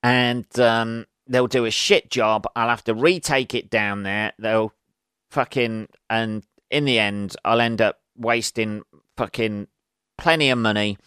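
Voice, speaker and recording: A man's voice: lowish voice, fairly even intonation, measured pace, fairly bright tone, smooth, no room sound, clean studio sound. A man hosting a casual solo podcast, ranting with lots of swearing and exasperation. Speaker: podcast host.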